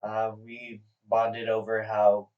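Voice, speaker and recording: A man telling a story on a casual podcast, laid-back and hesitant, filling pauses with ums. He sits away from the mic, and the sound is dull and lo-fi. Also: fairly low pitch, completely flat delivery, distant mic. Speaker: podcast co-host.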